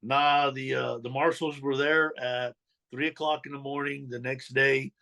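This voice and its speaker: Fast-talking middle-aged man telling street stories. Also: mid-range voice, fairly even intonation, vocal fry, bright, forceful tone, low-quality recording. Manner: street slang, swears, acts out quoted dialogue. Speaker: podcast guest telling his life story. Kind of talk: candid storytelling interview.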